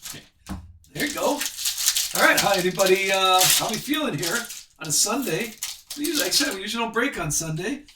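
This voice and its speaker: A man's voice: high-pitched, lively intonation, reverberant, far from the mic, very noisy. A man hosting a live sports card break, chatting with viewers and reading off the cards as he opens packs. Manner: chatty, reads card names off quickly.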